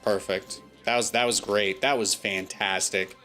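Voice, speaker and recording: American guy streaming a game, joking around, gets worked up fast, bright voice. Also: on the low side, soft background music. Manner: excitable, joking, talks to himself and chat. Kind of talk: casual gameplay commentary.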